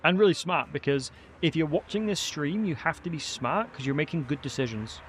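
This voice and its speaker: A man's voice: a little high, animated, a little fast, fairly bright tone, slight background noise. A young man, chatting upbeat with his viewers while commentating a game stream. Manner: chatty, upbeat banter with chat. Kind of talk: casual live-stream commentary.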